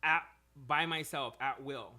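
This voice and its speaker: A man, chatting casually on a podcast and telling profane, animated stories. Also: fairly high pitch, a little slow. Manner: profane, animated storytelling with put-on quotes. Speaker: podcast guest. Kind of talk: casual chat.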